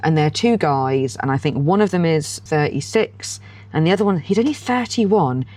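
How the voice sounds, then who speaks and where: A woman's voice: deep voice, lively intonation, moderate pace, darkish tone. A woman in her forties, co-hosting a podcast in casual chat and telling stories with acted-out dialogue. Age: 40s. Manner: chatty storyteller who acts out quoted dialogue. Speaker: podcast co-host.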